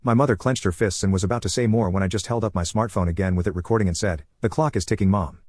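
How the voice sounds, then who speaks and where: Man, lower register, slightly breathy, fast steady storyteller read, dry close booth sound. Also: no echo. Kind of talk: reading a first-person online story.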